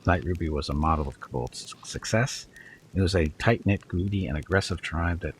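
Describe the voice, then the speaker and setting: Sly lecturing kobold bard, a deep-voiced man reading him. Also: moderate pace, slight background noise, lightly acted. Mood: storytelling. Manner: probing, lecturing, cold when talking of traitors. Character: sly, hard-edged male kobold bard traveler. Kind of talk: reading game dialogue aloud.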